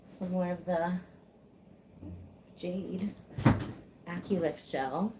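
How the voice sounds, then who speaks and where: A woman's voice: fairly low pitch, steady tone, very slow, very noisy. A woman practitioner chatting casually while she gives a face sculpting massage, swearing easily and laughing.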